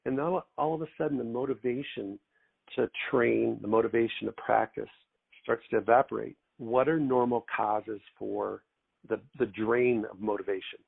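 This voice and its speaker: A middle-aged man hosts in a measured way, building up long questions step by step. His voice is gravelly, with a mid-range pitch. It comes through a tinny, phone-like line. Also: fairly even intonation. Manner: deliberate, long wind-up questions. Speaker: podcast host. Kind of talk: interview questions.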